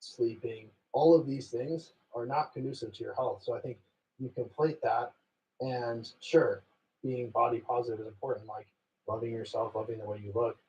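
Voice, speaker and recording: A man's voice: medium pitch, steady tone, normal speed, darkish tone, highs cut off. A man in a podcast discussion making a firm, critical point.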